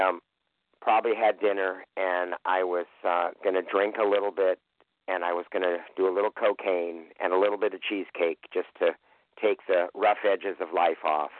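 Deep-voiced man sharing by phone. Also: no room sound. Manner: emotional, candid storytelling. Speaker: meeting member sharing. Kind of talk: personal recovery share. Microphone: phone call. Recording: tinny phone line.

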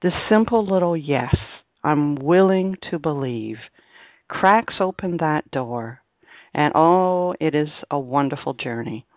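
A woman's voice: low-pitched, lively intonation, slow, no room sound. A woman sharing her experience at a recovery meeting, earnest and repeating key phrases for emphasis. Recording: dry, tinny phone line.

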